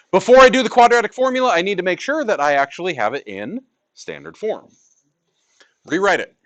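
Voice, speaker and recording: A man teaching a high school math class in a classroom, lecturing with emphasis and repeating key points for his students.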